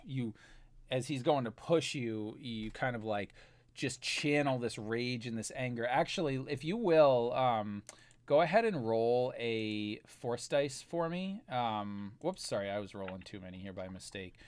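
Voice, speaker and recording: A man's voice: medium pitch, lively intonation, a little slow, no echo. A man narrating a tabletop role-playing game as game master, talking in a loose, rambling way full of fillers.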